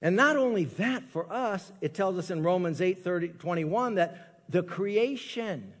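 A male pastor delivers a sermon with lively, joking energy, now and then acting out small scenes. His voice sits a little high for a man. The sound carries a long reverb, as in a large church hall. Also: measured pace.

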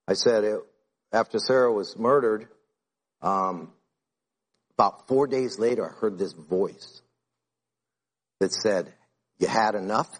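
A man preaching a sermon in a conversational way, retelling his own conversations and building in intensity. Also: fairly low pitch. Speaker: pastor.

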